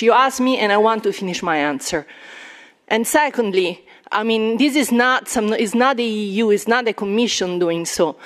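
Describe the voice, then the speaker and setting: Indignant woman journalist. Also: mid-range voice. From Italy. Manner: indignant, challenging, rapid questioning. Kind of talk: heated press conference exchange. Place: press conference room.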